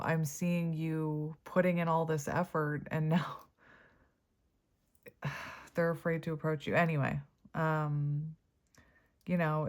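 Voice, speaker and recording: A woman giving a casual tarot reading, chatty and prone to giggling, with lots of fillers. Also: sits low. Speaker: tarot reader.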